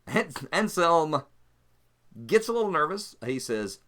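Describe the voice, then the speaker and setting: Man, solo tabletop game narration, casual thinking aloud, animated, bright voice. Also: fairly high pitch, takes it slowly.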